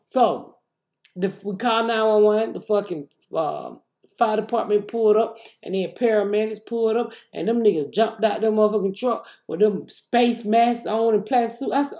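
Woman host, middle-aged, salty and animated, loud quoted outbursts, casual monologue. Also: medium pitch, normal speed, echoey room. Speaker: podcast host.

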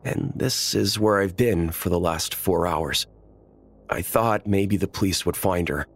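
A man narrating a first-person horror story in a measured, tense storytelling manner. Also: low voice, creaky, husky.

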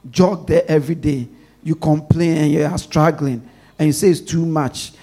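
Man preaching, call-and-response sermon, emphatic, fairly high-pitched, lets the congregation finish his lines. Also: steady tone, moderate pace. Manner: emphatic, swings between loud stresses and soft asides.

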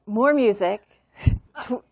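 A woman's voice: medium pitch, slow, creaky, a little mellow, no echo. A woman hosting an interview, prompting her guest with engaged questions. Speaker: interview host. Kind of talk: conversational interview.

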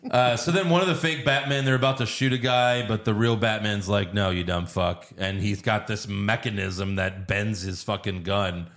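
A low-pitched man in casual podcast chat, walking through a film scene by scene. He swears freely and slips into playful voices when he quotes the characters. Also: fairly even intonation, normal speed, few pauses, a bit bright. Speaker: podcast host. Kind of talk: casual movie-recap chat.

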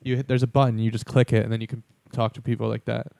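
A man with a gravelly, dark-toned voice jokes around as a podcast co-host. He chats loosely and spins out absurd bits. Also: medium pitch, little pitch movement, very fast. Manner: jokey, riffs on absurd ideas. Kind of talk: casual comedic chat.

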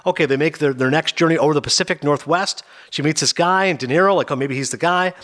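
A man hosting a radio show, chatting casually and quickly about movies, rambling and animated. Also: fairly high pitch. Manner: fast, rambling, animated with impressions. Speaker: radio host. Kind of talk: casual film talk.

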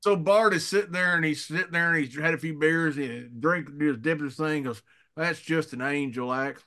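A man's voice: a little high, brisk. A man co-hosting a podcast, telling stories in a casual chat and laughing often. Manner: laughs often, animated storytelling. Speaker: podcast co-host.

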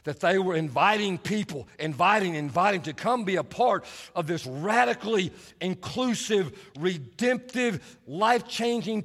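A man preaching a sermon as pastor, emphatic and playful, leaning on deliberate repetition to drive points home. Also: high voice, animated, a bit bright. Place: large church auditorium. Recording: long reverb of a large hall.

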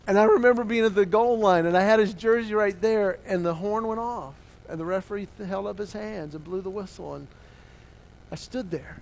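Animated preacher man telling a story. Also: high voice, creaky, slight background noise. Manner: swings from hushed to loud, acting out dialogue. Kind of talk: sermon storytelling.

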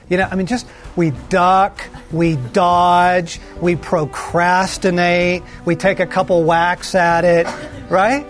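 A male pastor giving a sermon in a conversational way, full of asides and tag questions, slowing down for emphasis and then speeding up. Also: high voice, little pitch movement, faint music behind. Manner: shifts between slow emphasis and quick runs.

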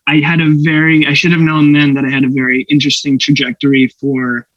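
Brief: young actor guest, animated storyteller, laughs often, dull dry podcast sound. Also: male voice, mid-range voice, fast, no echo. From Canada. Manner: animated, laughing, acts out voices in anecdotes. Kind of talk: casual storytelling interview.

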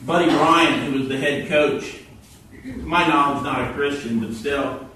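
A man preaching a sermon, telling stories with animated quoted voices, heard from a distance in a church hall. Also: a little high, unhurried, a little hiss or hum. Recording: echoey hall from far off.

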